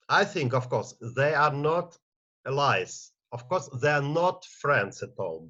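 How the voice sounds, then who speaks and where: A man with a Russian accent giving halting panel remarks over a video call, with many pauses and fillers. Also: mid-range voice, fairly bright tone, highs cut off. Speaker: panel speaker.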